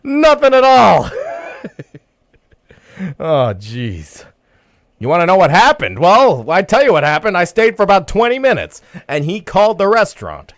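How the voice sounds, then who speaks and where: A man telling a personal story live on the radio as host, chuckling often and breaking into loud yelling. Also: high voice, wildly swooping pitch, brisk, no room sound, studio quality. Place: radio studio.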